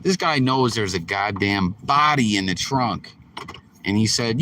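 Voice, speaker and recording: A low, bright-toned man riffs on a video in loose, profanity-laced commentary. He rambles and talks straight to his audience like a friend, with a faint hiss behind him. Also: animated, unhurried. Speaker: host. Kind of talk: casual reaction commentary.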